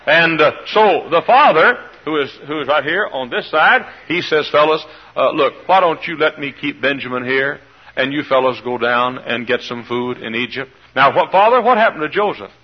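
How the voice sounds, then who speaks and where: A man preaching as a pastor, telling a Bible story in an animated way and acting out the people in it. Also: fairly high pitch, moderate pace, slightly rough. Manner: animated storytelling, voices quoted characters. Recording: dull lo-fi old sermon recording.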